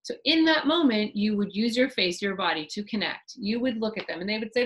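A middle-aged woman teaching a parenting webinar, explaining with lively asides and acted-out examples. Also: mid-range voice, fairly quick, hardly any pauses, low-quality recording. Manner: animated, acts out parent and child voices mid-explanation. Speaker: parenting therapist giving a webinar.

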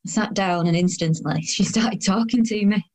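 Spoken by an actress, a weary woman of thirty-two narrates her train journey in a radio play, with a dry, sardonic voice. Her speech sits at a middling pitch and stays understated and wry. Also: moderate pace, a little mellow, natural voice. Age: 30s. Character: weary, self-conscious woman of 32, quietly sardonic. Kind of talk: first-person audio drama narration.

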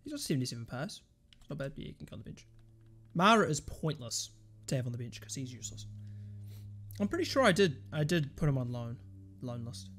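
A man commentating his football video game, swearing and shouting at the play. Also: very animated, a little fast, pauses often, faint music behind. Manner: swears and shouts at the game, pitch jumps high in frustration. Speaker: gaming channel host. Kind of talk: live gameplay commentary.

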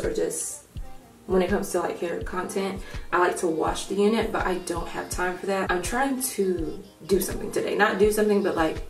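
A young woman vlogging a hair tutorial at home in a casual chat, thinking out loud and rambling, with her morning voice still on. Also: mid-range voice, distant mic. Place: room at home. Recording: echoey room, off-mic, faint music.

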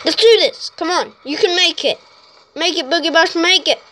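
A woman playing a video game and giving casual, excitable commentary to her viewers, exclaiming at each crash. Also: very high voice, moderate pace, a little hiss or hum. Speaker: gaming YouTuber. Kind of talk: casual let's-play commentary.

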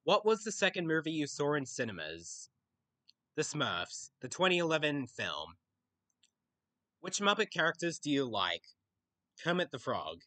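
A man's voice: a little high, huge pitch swings, measured pace, pauses often, sharp tone, dry recording. A young Australian man answering viewer questions in a casual Q&A video, often noncommittal and hesitant. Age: young adult. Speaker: YouTuber.

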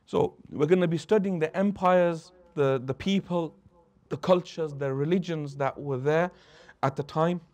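A man's voice: on the high side, measured pace, darkish tone. A man teaching a religious lesson who tells stories, acts out the anecdotes and mixes Arabic phrases into his English. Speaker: Islamic teacher.

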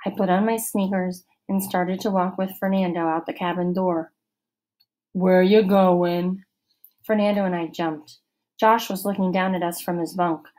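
A woman's voice: lowish voice, fairly even intonation, moderate pace, a little mellow, low-quality recording. Woman narrating a storybook. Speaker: audiobook narrator. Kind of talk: first-person storybook narration.

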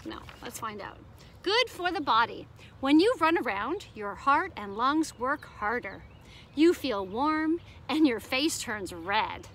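Bright, lively woman teacher reading aloud. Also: high-pitched, slight background noise. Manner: sing-song, asks children questions. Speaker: preschool teacher. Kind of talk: reading a picture book aloud to children.

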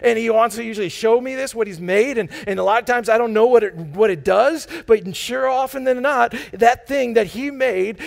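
A man's voice: very high-pitched, vocal fry. A man preaching a sermon as pastor of a church, enthusiastic and chatty, with joking asides to the congregation and frequent restarts. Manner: enthusiastic, bursts out with loud exclamations; frequent restarts and repeated words. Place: church sanctuary.

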